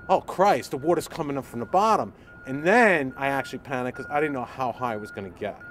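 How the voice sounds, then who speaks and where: A man's voice: on the high side, slight background noise. A man who owns a home, telling his story vividly and imitating sounds as he goes. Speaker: homeowner. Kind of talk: storytelling interview.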